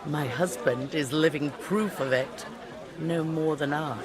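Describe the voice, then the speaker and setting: An actress playing a sharp-tongued medieval noblewoman, speaking in an arch, teasing manner. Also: low-pitched, measured pace, music in the background, crowd noise. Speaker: noblewoman at a feast. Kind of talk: video game voice acting.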